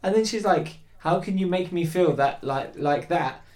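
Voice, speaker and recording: A man tells a story in casual podcast chat. His voice sits a bit high, and he gets animated and laughs as he goes. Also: moderate pace, slight background noise. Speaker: podcast guest.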